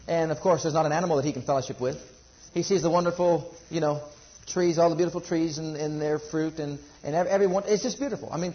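A man's voice: on the high side, highs cut off. A man preaching a sermon to a congregation, building emphasis and asking rhetorical questions.

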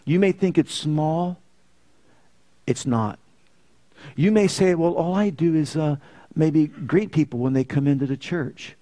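A male pastor preaching a sermon in a church. His voice sits a little high. He tells stories, rising to loud emphasis and then falling to quiet, earnest lines. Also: a little slow, long pauses.

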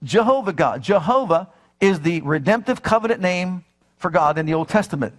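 A man's voice: high-pitched, lively intonation, normal speed. A man preaching a sermon with fervor, repeating phrases and putting questions to his listeners. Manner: fervent, repeats phrases, asks the audience questions.

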